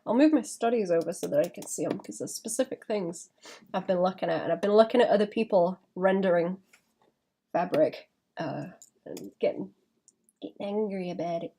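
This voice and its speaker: While drawing live on stream, an illustrator talks casually, thinking out loud and breaking off with little laughs and restarts. She speaks at normal speed in a mid-range voice that is mellow and slightly rough.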